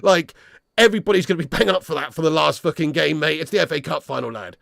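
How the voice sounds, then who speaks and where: A young man runs a casual live stream, answering chat comments in a blunt, sweary way. His voice sits a little high and has a gravelly, creaky edge. It is recorded dry and close to the mic. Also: quick pace, a bit bright, no echo.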